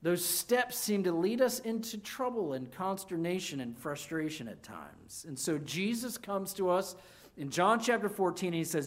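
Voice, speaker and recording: A pastor preaching a sermon, swinging between loud emphasis and hushed, low lines, with emphatic repeated restarts. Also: sing-song, normal speed.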